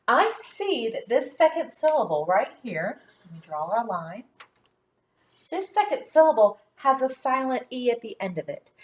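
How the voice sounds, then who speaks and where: A woman teaching a phonics lesson to young children in a patient, clear teacher voice, sounding out letters one by one. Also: fairly high pitch.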